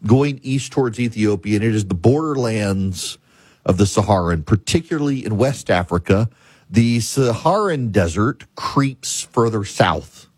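A man's voice: on the low side, lively intonation, a little slow, darkish tone, breathy edge, no room sound. A man delivering an emphatic political monologue as a commentator host, repeating and listing points with frequent restarts.

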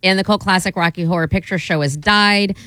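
A woman's voice: fairly low pitch, fairly quick, bright, forceful tone, no echo. A woman co-hosting a radio show, teasing the others and reading out news items. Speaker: radio co-host. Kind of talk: casual radio banter.

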